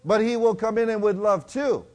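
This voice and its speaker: This sermon comes from a man with a high voice and a steady tone. He alternates loud exhortation with quiet passages and eases his pace to read from scripture.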